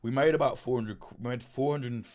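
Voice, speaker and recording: A man's voice: medium pitch, fairly quick, darkish tone. Rambling, swearing man. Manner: rambling, swears freely, many fillers and restarts. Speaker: livestream host. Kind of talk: casual livestream chat.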